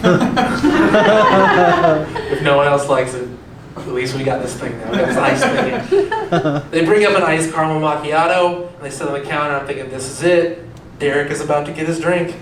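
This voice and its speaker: On stage at a comedy club, a young man with a slightly high voice keeps a moderate pace and pauses often. His self-deprecating, conversational routine includes questions for the crowd, whose laughter echoes around the distant-sounding room.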